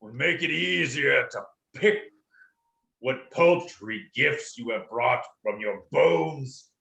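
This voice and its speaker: A man voicing a huge, wrathful, ancient male dragon who speaks in slow, menacing booms. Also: vocal fry, bright, forceful tone, exaggerated voice. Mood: commanding. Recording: roomy echo.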